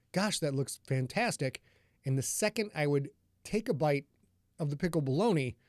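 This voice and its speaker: A man's voice: on the high side, a little mellow, no echo, clean studio sound. A man from northern Michigan, an author hosting a live stream, talking in a rambling, chatty way and greeting viewers in the chat.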